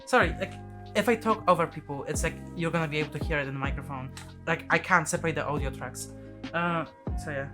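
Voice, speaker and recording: A podcast host chatting casually, teasing guests and swearing, with clear music playing behind. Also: medium pitch, fast talker. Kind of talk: casual chat.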